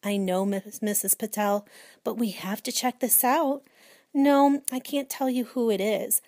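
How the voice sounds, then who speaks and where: A woman reading aloud and voicing a gentle, patient schoolteacher in a children's storybook. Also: fairly high pitch, measured pace, no room sound, studio quality. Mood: calm.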